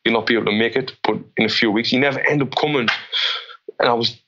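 A man, a boxing coach being interviewed, telling animated stories and often restarting his sentences. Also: mid-range voice, quick pace, dull audio. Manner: animated storyteller with many restarts. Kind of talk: interview conversation.

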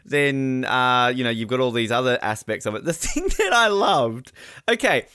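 A man chatting casually as a podcast co-host. He talks in an animated way, laughing and acting out voices. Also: mid-range voice, moderate pace, clean tone, no room sound, studio quality. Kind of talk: casual chat.

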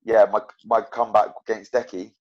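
Low-voiced fighter, rambling frankly. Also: male voice, level tone, brisk, lo-fi sound, a crowd in the background. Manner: rambling, self-correcting, frank about his own loss. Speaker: MMA fighter guest. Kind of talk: casual interview chat.

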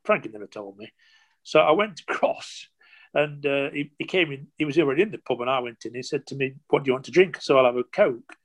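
Older male, ex-footballer guest; chatty, halting storyteller, acts out old conversations. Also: mid-range voice, lively intonation. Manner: rambling anecdotes with many restarts and quoted dialogue. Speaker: former footballer. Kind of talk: interview storytelling.

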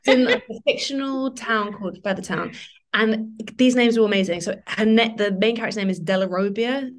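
A woman's voice: a little high, brisk. A woman author talking about books as a podcast guest, effusive and rambling, full of restarts and "like"s. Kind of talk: casual book chat.

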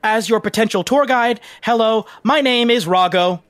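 A man's voice: very high voice, moderate pace, a bit bright, dry recording, pitched above the performer's own voice. A man voicing a nervous, sweaty male ancestor spirit who works as a city tour guide, talking in an eager, overly polite, formal way.

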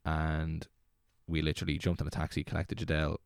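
A young Irish man in his twenties, a DJ telling a rambling, excitable story as a guest. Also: extremely low pitch, a little fast, gravelly, clear, resonant tone, dry recording, studio quality. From Ireland. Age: 20s. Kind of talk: casual storytelling.

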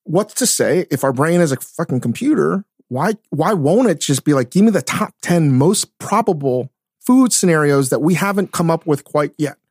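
Animated swearing man, dry studio sound. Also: fairly high pitch, normal speed, slightly rough, no room sound. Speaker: podcast co-host, chef. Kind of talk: casual chat.

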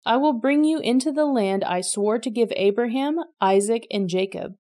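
A woman reading the lines of the Lord, a male deity, in an even, measured voice. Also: fairly high pitch, close to an everyday voice. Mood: solemn.

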